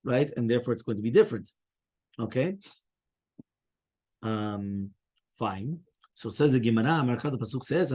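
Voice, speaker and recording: Teaching Talmud with animation, a man mixes Hebrew and Aramaic words into English and leans on "okay?" and "right?" throughout. His medium-pitched voice has a breathy edge.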